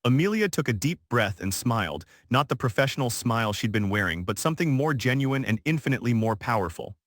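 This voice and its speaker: Steady male storyteller, dry close voice. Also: medium pitch, fairly quick, no room sound. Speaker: narrator. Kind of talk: scripted narration.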